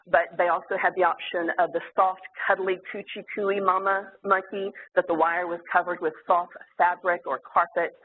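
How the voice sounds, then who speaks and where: A therapist giving an earnest, explanatory lecture to clinicians, with occasional fillers. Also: medium pitch. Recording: tinny phone-like sound, faint hiss.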